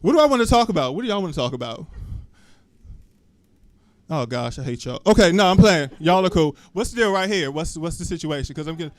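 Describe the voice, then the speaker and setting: A man's voice: a little high, expressive, fairly quick, no echo. A man doing a live stand-up set on a club stage, talking loosely into a handheld mic, cussing freely and peppering the crowd with questions. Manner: loose, chatty, asks the crowd lots of questions, cusses freely. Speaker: stand-up comedian. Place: small comedy club stage.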